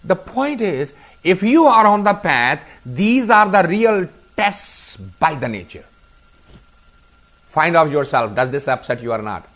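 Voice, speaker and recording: A middle-aged man delivering a spiritual discourse to a live group. His pitch moves through a wide, lively range. He keeps asking rhetorical questions and slipping into short acted dialogues. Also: measured pace. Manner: animated, acts out little dialogues and asks rhetorical questions. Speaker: spiritual teacher.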